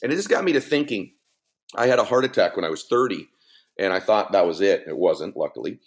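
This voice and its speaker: A man's voice: expressive, fairly quick. Earnest middle-aged man telling a story. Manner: earnest, emphatic storytelling with wide pitch swings. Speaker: podcast guest, motivational speaker. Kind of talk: heartfelt podcast conversation.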